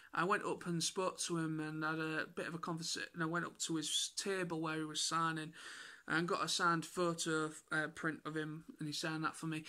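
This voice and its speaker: A man with an excitable, rambling way of telling stories in a casual vlog recap. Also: high-pitched. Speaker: YouTuber.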